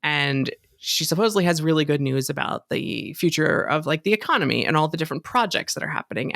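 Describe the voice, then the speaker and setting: A woman's voice: deep voice, creaky, a bit bright, dry recording, studio quality. A woman co-hosting a podcast in casual chat, rambling with frequent restarts and laughs. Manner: rambling, giggly, lots of restarts. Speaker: podcast co-host.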